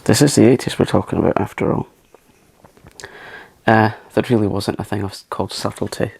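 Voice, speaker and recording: A man hosting a makeup channel, talking softly through a tutorial in a chatty, self-mocking way and sometimes dropping into a whisper. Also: on the low side, fairly even intonation, a little fast, vocal fry, husky. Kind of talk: soft-spoken makeup tutorial.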